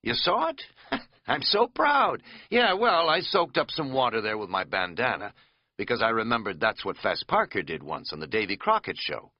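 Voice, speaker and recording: A man's voice: fairly low pitch, sing-song, fairly quick, dry recording, lo-fi sound. A man voicing a rambling, folksy middle-aged American man who talks in a chatty, self-mocking drawl.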